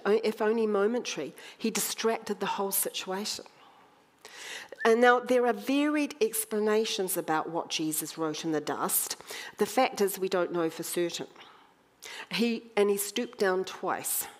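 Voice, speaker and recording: Wry, storytelling New woman preacher. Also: medium pitch. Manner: conversational, animated storytelling with wry humour. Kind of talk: sermon.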